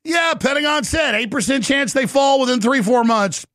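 A man hosting a political talk show, ranting loudly and mocking people with put-on voices. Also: very high voice, moderate pace, no echo, studio quality. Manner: gravelly, shouting, mocking impressions.

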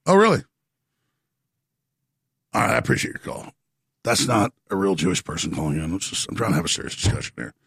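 A man hosts a call-in radio show in a raspy, deeply gravelly voice. His pitch swings widely and his delivery is emphatic. The sound is dry and close. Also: a little fast, long pauses, no echo. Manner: animated, forceful, emphatic. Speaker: talk radio host.

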